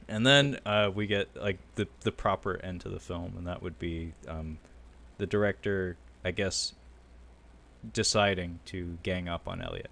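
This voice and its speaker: A man with a low voice co-hosts a movie podcast, walking his partner through a documentary's ending. He chats casually and breaks into quoted lines with sudden energy. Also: measured pace, gravelly. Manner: animated storyteller, acting out quotes with loud bursts and laughter. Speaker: podcast co-host. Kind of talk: casual film recap chat.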